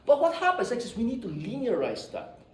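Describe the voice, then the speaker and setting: Male engineering lecturer, high bouncy voice, teasing and repetitive, recorded from afar in a reverberant room. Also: brisk. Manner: animated, joking, often asks "right?". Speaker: engineering professor. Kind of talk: classroom lecture. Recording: echoey classroom, distant mic.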